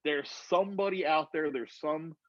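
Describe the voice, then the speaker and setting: Over a video call on his phone, a man chats casually, telling a rambling, profane story with an animated retelling. His voice is on the high side and his pace moderate. The recording is muffled, with no echo.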